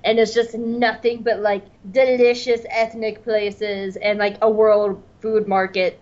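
A woman co-hosting a casual podcast, bubbly and excitable, with lots of "like"s. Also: mid-range voice, a little slow, dull audio. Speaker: podcast co-host.

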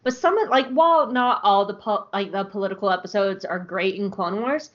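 A woman co-hosting a podcast, giving an animated, jokey recap in casual chat. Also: mid-range voice, a little fast, dull audio. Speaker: podcast co-host.

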